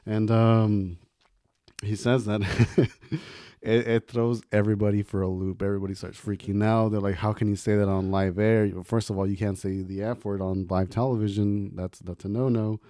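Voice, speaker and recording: A man's voice: fairly low pitch, little pitch movement, moderate pace, mellow, dry recording, studio quality. A man co-hosting a podcast, chatting casually about movie quotes in a laid-back, rambling way and laughing often. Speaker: podcast co-host.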